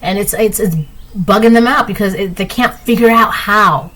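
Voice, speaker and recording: A woman giving a tarot reading in a loose, rambling way, stopping often to ask "right?" and filling her talk with "like". Her pitch sits in a middle range, and she speaks. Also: normal speed, fairly bright tone, a little hiss or hum, poor audio. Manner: chatty, rambling, full of "like" and "right?"; acts out quoted lines in a higher voice. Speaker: tarot reader. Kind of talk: casual tarot reading monologue.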